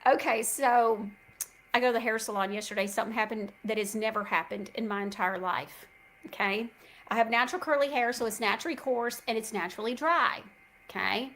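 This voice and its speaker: A woman's voice: fairly high pitch, brisk, fairly bright tone, poor audio. Chatty middle-aged woman host. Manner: chatty storyteller, addresses listeners as y'all. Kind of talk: casual chat.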